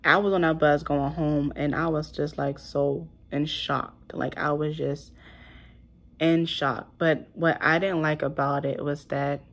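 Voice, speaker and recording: Young woman vlogger, low and gravelly voice, rambling emotional storytelling. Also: little pitch movement, unhurried. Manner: emotional, rambling, heavy use of "like". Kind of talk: casual storytelling to camera.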